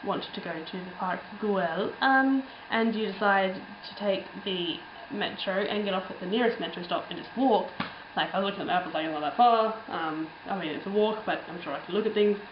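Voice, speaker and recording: A woman's voice: medium pitch, brisk, few pauses, roomy sound, lo-fi sound, background noise. A young woman telling a travel story in a casual, rambling way, full of ums and little laughs. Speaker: travel vlogger.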